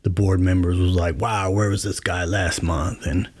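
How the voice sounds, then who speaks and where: Low-voiced man hosting a storytelling podcast. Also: normal speed, breathy edge, dry recording. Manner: relaxed, conversational, many fillers. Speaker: podcast host. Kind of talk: casual storytelling monologue.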